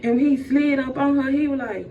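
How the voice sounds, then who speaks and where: A woman with a fairly high voice tells a funny story in loose, slangy chat, talking straight to her listeners as y'all. Her voice sounds muffled and a bit far from the mic. A light hiss sits under it. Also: fairly even intonation, a little fast. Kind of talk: casual comedic storytelling. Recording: dull, distant, faint noise.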